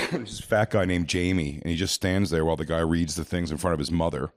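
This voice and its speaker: A man chatting casually on a podcast, telling stories and acting out the people in them with high put-on voices. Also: fairly even intonation, a little fast, dry recording. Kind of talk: casual podcast chat with storytelling.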